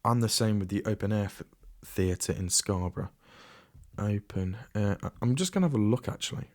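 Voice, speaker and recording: A man's voice: fairly low pitch, normal speed, darkish tone, dry recording, studio quality. A man hosting a solo podcast in a casual, rambling way, often restarting and trailing off into asides. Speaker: podcast host.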